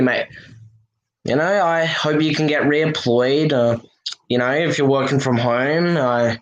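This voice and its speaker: A man's voice: mid-range voice, fairly bright tone, poor audio. Earnest man, reassuring. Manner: earnest, reassuring, full of "you know" fillers. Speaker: livestream host. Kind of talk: casual livestream chat to viewers.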